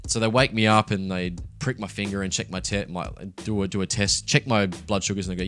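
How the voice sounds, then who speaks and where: A man's voice: low-pitched, steady tone, a little fast, hardly any pauses, a bit bright, faint music behind. A young man talking candidly and casually as a podcast co-host, swearing freely and laughing as he tells his story. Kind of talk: casual chat.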